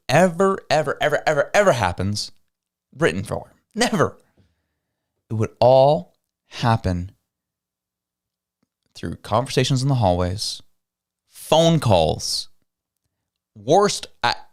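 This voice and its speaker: A man's voice: lowish voice, vocal fry, a little mellow. A man hosting political commentary, reacting to a played clip with incredulous, emphatic talk and repeated words for stress.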